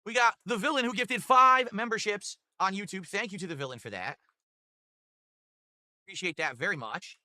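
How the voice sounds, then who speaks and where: A man's voice: sits high, moderate pace, pauses often, no room sound. A man livestreaming from his home room, rambling and cursing as he thanks donors in casual chat. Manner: rambling, profane, animated thank-yous. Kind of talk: casual stream chat reading donations. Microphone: desktop USB mic.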